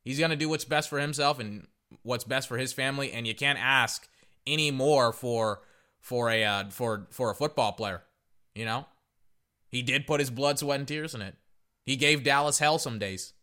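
A man's voice: medium pitch, moderate pace. A man hosting a sports podcast, chatting casually and rambling through play-by-play with frequent restarts. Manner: rambling, restarts, excited outbursts. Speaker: podcast host.

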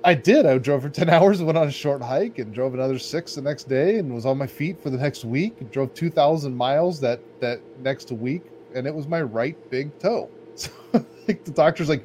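A man's voice: mid-range voice, normal speed, a little mellow. Rambling, laid-back male podcast storyteller. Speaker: podcast co-host. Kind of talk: casual podcast chat. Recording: faint background noise.

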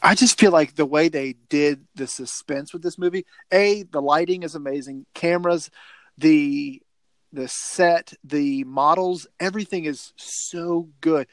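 A man talking enthusiastically about a film, in a halting way. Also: fairly high pitch, no echo. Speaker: film podcast co-host. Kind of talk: casual movie discussion.

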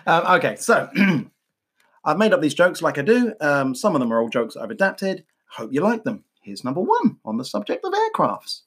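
A man's voice: on the high side, wildly swooping pitch, moderate pace, breathy edge. A man co-hosting a comedy podcast, telling jokes in a playful, self-mocking way. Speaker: podcast co-host.

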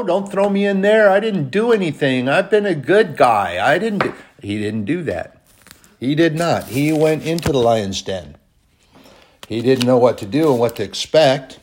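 A man delivering a sermon, his voice at an ordinary middle pitch. He retells a scripture story, now swelling loud and fast, now sinking low and slow. He reads the old verses in formal, old-fashioned phrasing. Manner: swings between loud bursts and quiet, drawn-out lines. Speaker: preacher.

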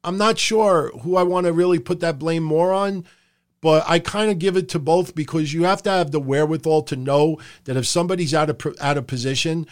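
A man's voice: fairly high pitch, fairly quick. A middle-aged man hosting a live stream, talking in a loose, rambling and profane way from a room at home. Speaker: podcast host. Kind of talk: casual live-stream commentary. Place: home room under hot lights.

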